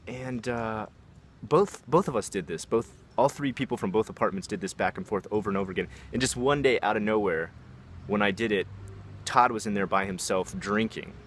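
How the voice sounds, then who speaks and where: Young man, deep voice, casual storytelling, rambling with fillers, faint background hiss. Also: a bit bright. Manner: rambling, many fillers and asides.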